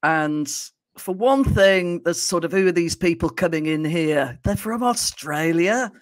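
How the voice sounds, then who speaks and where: A woman podcast host shares stories in a relaxed, halting way, full of ums and little laughs. Her voice is recorded close and dry, with no room sound. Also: on the low side, no room sound. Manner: anecdotal, laughs often, hesitant fillers. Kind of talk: casual chat.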